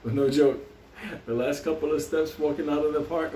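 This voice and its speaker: A man's voice: fairly high pitch, steady tone, normal speed, warm tone, slight background noise. A man telling a long profane anecdote, often breaking into laughter. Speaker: vlogger. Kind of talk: casual storytelling. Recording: roomy sound, mic at a distance.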